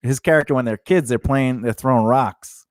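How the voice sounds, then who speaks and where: A man co-hosting a casual podcast chat, telling stories in a rambling, animated way with many restarts. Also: mid-range voice, normal speed, dry recording. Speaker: podcast co-host.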